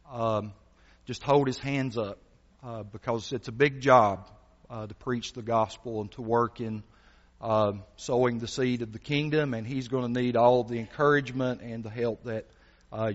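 Animated preacher in a reverberant church. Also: male voice, mid-range voice. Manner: earnest, animated storytelling with many fillers. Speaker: visiting gospel preacher. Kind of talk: sermon. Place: church hall. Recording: dull sound, long church reverb.

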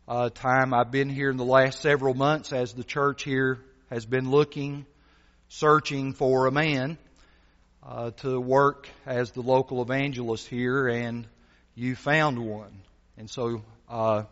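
A man preaching a sermon as a visiting gospel preacher, earnest and animated as he tells a story, with many fillers. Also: mid-range voice. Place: church hall. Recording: dull sound, long church reverb.

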